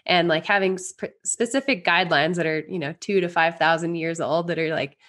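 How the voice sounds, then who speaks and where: Earnest rambling woman guest, lower voice. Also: fairly even intonation, brisk, a bit bright. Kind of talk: casual interview chat.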